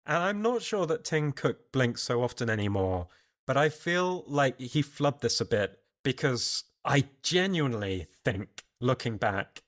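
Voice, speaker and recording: A man's voice: medium pitch, big pitch swings, a little slow, fairly bright tone. Man hosting a tech podcast. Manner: thoughtful, explains at length. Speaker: podcast host. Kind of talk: casual podcast discussion.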